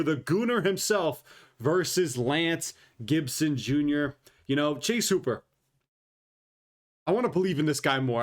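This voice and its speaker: A man's voice: medium pitch, fairly bright tone. Profane, rambling male fight analyst. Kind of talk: casual fight breakdown and predictions.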